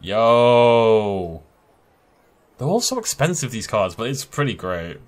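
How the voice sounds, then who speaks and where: A man hosting a let's play, giving excitable gaming commentary and laughing often. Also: mid-range voice, slow pace. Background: faint game music.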